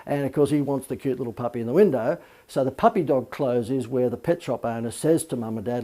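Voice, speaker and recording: A man's voice: mid-range voice, fast talker, mellow. A man teaching a business marketing lesson as a coach, talking in a chatty, informal way with many fillers and asides.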